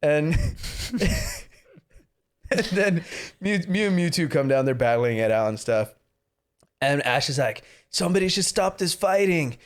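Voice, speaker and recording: A young man co-hosting a casual podcast, ranting about a movie with lots of swearing and mimicking characters in squeaky voices. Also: measured pace, pauses often, clean tone. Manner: profane, animated, mimics characters in high voices. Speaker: podcast co-host. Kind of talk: casual movie review chat.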